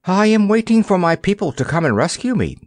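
A man's voice: high-pitched, big pitch swings, a little fast, darkish tone, no room sound, voice pushed up. A man voicing a proud, haughty little boy prisoner who speaks sternly and with dignity.

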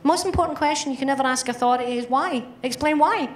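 Brash female comic telling stories live, bright high voice, roomy distant sound. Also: fast, a little hiss or hum. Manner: brash, sweary, mocking. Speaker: stand-up comedian. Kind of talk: live stand-up storytelling. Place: live comedy venue stage. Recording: echoey hall from far off, loud audience ambience.

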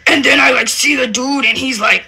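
A woman mocking a rival, putting on her hesitant, scared-sounding voice in a lower tone. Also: steady tone, a little fast, creaky, bright, forceful tone, slightly rough, heavily acted, rough recording. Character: whiny, scared young woman being mocked.

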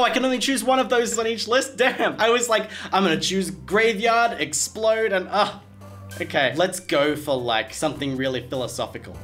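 A young man streaming a game, reacting with animated, sarcastic, slangy comments and frequent laughter. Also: on the high side. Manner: laughs often. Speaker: gaming streamer. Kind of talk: let's play commentary.

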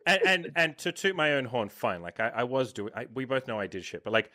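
A man in his thirties hosting a podcast as a dating coach, talking bluntly with lots of swearing and animated storytelling. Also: medium pitch, fairly quick. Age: 30s. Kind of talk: casual podcast interview.

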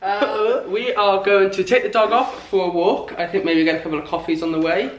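Fast-talking, teasing man at home. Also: sits high, fairly even intonation, muffled recording. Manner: teasing, easygoing. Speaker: vlogger. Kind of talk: casual home vlog chat. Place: home, indoors.

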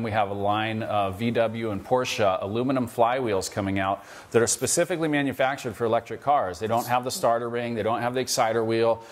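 A man co-hosting a casual workshop show, laid-back and quick to laugh, with plenty of ums. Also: medium pitch. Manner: laid-back, laughs often, filler-heavy. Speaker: co-host. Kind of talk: casual shop talk.

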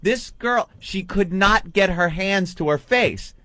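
A man hosting a radio show, telling animated stories in casual banter and mimicking people as he goes, from a studio microphone. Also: high voice, slow pace, no echo. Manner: animated storyteller, mimics people mid-story.

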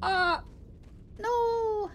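A woman streamer chatting casually and excitably while gaming, humming to herself, her voice going hoarse. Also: very high voice, very slow, slight background noise. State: losing her voice.

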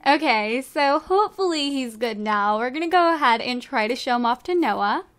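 Bubbly high-voiced woman narrating a game. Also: animated, moderate pace, a bit bright. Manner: bubbly and giggly, gushing over cute things. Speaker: let's play host. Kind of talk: casual gameplay commentary.

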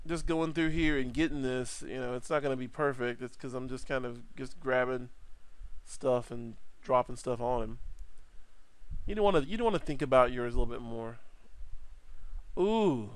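A man giving a casual 3D art software tutorial, playful and rambling, with jokey asides. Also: mid-range voice, normal speed.

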